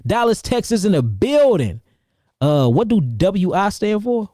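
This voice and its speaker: A man from St. Louis, an herbalist, giving casual livestream shout-outs to his viewers in an energetic, repetitive, slangy way. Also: high voice, unhurried, no echo, clean studio sound. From St. Louis, Missouri, USA. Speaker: herbalist and seminar host.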